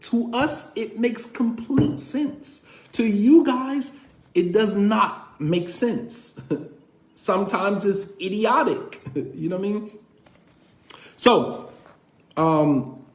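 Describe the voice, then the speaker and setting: Male lecturer, high voice, direct and sarcastic, conversational, echoey room. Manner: direct, keeps asking "you understand?"; animated, sarcastic storytelling with laughs. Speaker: lecturer on marriage.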